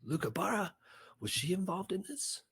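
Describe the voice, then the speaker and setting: A man voicing a sly, scheming old creature advisor with a raspy, fawning way of talking, in a storybook reading. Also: sits low, a little slow, full character voice. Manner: wheedling, fawning flattery.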